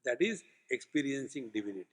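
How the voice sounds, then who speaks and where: A man's voice: medium pitch, animated, fast talker. A man giving a spiritual discourse as a swami, emphatic and repetitive, with humorous stories. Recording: long hall reverb.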